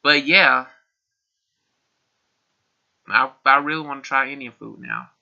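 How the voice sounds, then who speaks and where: A man's voice: medium pitch, slow pace, creaky, sharp tone, dull audio. A young man answering questions in a casual tag video, chatty and laughing often as he repeats himself. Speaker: vlogger. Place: his room.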